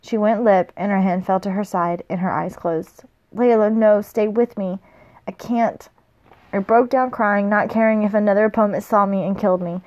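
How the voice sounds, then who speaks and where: A woman's voice: mid-range voice, steady tone, fairly quick, hardly any pauses, lo-fi sound. A woman reading a novel aloud casually, with small slips and corrections. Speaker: reader.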